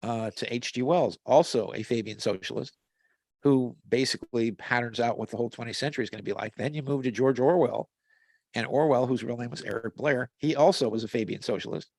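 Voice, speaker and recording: This man speaks fairly quickly in a creaky, darkish mid-range voice, picked up by a video call mic without echo. His casual storytelling wanders through long tales, full of fillers and false starts.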